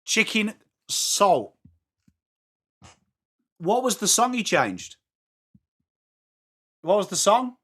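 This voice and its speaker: A man from England with an English accent, hosting a live sports watchalong, chatting excitably with viewers between calls of the play. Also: sits high, very slow, pauses often. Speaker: watchalong host.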